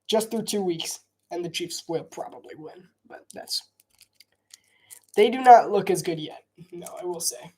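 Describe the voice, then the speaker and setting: A man with a high, mellow voice that carries a breathy edge talks expressively and a little slowly through casual live football play-by-play and opinion. He rambles, repeats himself, restarts sentences often, and coughs regularly.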